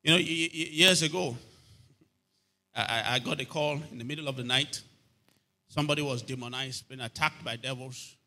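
A man's voice: medium pitch, normal speed, pauses often, sharp tone. A man preaching a sermon, telling a story and often asking the listeners if they are hearing him. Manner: storytelling preacher, repeats phrases, asks "are you hearing me?". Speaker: pastor.

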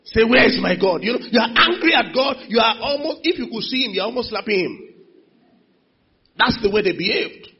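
A preacher giving a sermon in a church, calling on the congregation for responses and swinging from quiet asides to loud exclamations. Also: male voice, very high-pitched, animated, brisk, slight background noise. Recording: dull lo-fi sound.

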